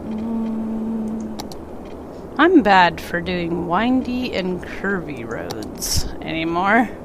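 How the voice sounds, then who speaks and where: Congested female game streamer, unhurried, lively pitch, casual rambling chat. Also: background noise. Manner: rambling, talks to the game and a pet. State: congested, stuffy. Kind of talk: casual live-stream chat while playing.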